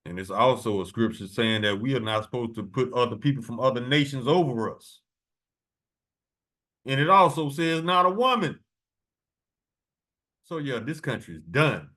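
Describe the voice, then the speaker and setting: A man's voice: mid-range voice, lively intonation, bright, forceful tone. Blunt man reading scripture aloud. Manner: blunt and profane, slow deliberate verse reading. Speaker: preacher.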